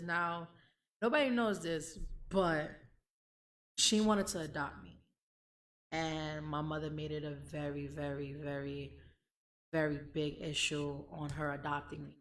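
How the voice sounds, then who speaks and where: A woman's voice: deep voice, fairly even intonation, unhurried. A young adult woman hosting a podcast, talking candidly and emotionally, blunt and profane. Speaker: podcast host. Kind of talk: candid casual chat.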